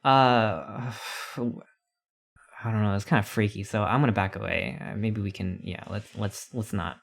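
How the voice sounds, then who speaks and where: A man's voice: fairly low pitch, fairly even intonation, moderate pace, creaky. A man streaming a text adventure, reading it aloud with playful, rambling asides.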